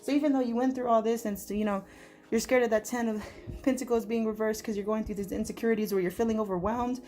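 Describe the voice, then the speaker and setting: A woman giving a tarot reading to her viewers, overwhelmed and close to tears, talking fast and emotionally. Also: on the high side, fairly even intonation, warm tone. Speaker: tarot reader.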